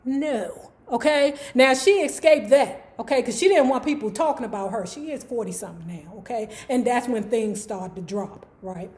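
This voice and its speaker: A woman telling celebrity gossip and stories in a chatty, slangy, animated way. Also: fairly high pitch, normal speed, few pauses. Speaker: YouTube gossip commentator. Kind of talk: casual gossip storytelling.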